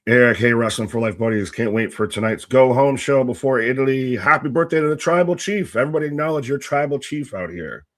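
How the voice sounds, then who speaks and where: Cracking jokes and calling out chat names and shout-outs, this medium-pitched man co-hosts a casual live wrestling watch-along. His delivery is a little fast with few pauses, captured in clean studio sound without any room echo.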